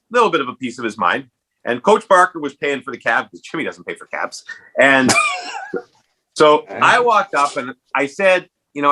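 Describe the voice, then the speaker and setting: A man hosting a casual podcast chat, telling a story animatedly and jumping up in pitch when acting out quotes. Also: pushed and bright, low-quality recording. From Canada. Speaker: podcast host.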